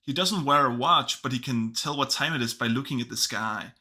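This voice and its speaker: A man's voice: mid-range voice, fairly quick, bright, forceful tone. A man casually reviewing films, chatty and enthusiastic. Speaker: film reviewer. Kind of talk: casual video review commentary.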